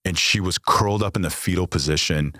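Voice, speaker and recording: Deep-voiced American man telling it bluntly. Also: fairly quick, pushed and bright, dry recording, studio quality. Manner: blunt, heavy swearing. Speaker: podcast guest. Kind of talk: candid storytelling.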